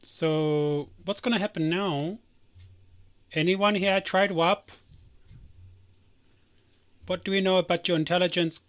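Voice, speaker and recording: Rambling male streamer, fairly high voice. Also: steady tone, slow pace, long pauses, a bit bright. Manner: rambling, self-interrupting. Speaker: live stream host. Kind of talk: casual live-stream chat.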